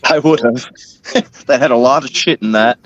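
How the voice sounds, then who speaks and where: A man's voice: medium pitch, unhurried, lo-fi sound. A man playing a tabletop game, bantering crudely and laughing often. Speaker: player.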